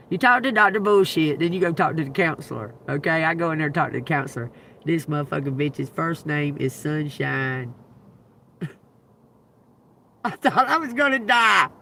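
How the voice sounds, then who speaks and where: A woman's voice: medium pitch, pushed and bright, slight background noise. A woman hosting a livestream, telling a story in an emphatic, profane, laughing way. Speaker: livestream host and tarot reader.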